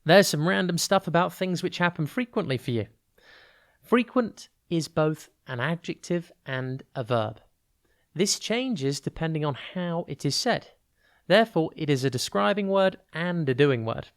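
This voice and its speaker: Brief: podcast tutor, clear and deliberate, spells words and leans on stressed syllables, mid-pitched. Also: lively intonation. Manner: stretches key words to show stress. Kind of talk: podcast vocabulary lesson.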